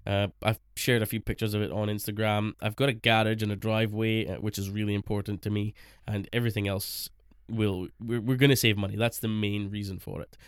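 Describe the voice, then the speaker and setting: A man's voice: fairly low pitch, clean tone, no echo, studio quality. A man co-hosting a casual podcast, chatting and laughing often, rambling with fillers. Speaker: podcast co-host. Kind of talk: casual chat.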